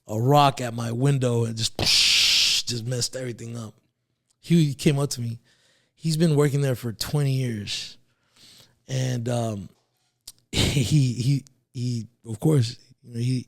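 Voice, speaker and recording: A man's voice: medium pitch, vocal fry, darkish tone. A man talking as a podcast guest, casually telling his life story with plenty of swearing, chuckles and restarts. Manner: profane, laid-back, with chuckles and restarts.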